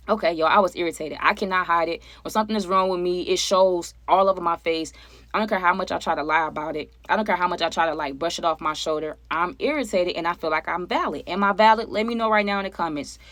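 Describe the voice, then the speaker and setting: A woman chatting casually to her viewers as she tells a personal story, animated and conversational, often asking them for their opinions. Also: lowish voice, fast, no echo. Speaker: storytime vlogger.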